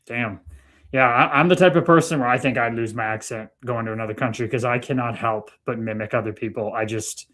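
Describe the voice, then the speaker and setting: A man's voice: medium pitch, fairly even intonation, fairly quick, fairly bright tone. A man from Canada hosting a casual livestream, chatting easily and reading out viewer comments. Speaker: livestream host.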